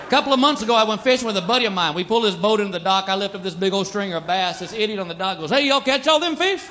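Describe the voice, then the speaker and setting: A man's voice: high-pitched, very fast, a bit bright. A man with a Texan accent performing a stand-up comedy routine, drawling through stories and acting out dumb characters before a live audience. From Texas. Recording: live show with crowd laughter and noise.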